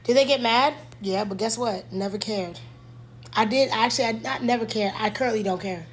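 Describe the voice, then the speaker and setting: A woman's voice: fairly high pitch, brisk. A young woman talking bluntly to the camera at home, repeating lines for emphasis. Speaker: content creator. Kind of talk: candid monologue to camera.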